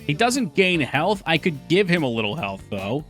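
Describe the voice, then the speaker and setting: A man's voice: on the high side, sing-song, normal speed, a bit bright. A man chatting casually on a live stream while working on his game, thinking aloud and answering chat. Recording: faint music behind voice.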